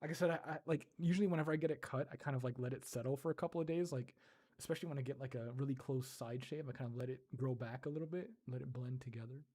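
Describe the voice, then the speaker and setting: A man chatting casually on a livestream, giggling and slowly sounding out foreign words. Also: medium pitch, mellow. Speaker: streamer.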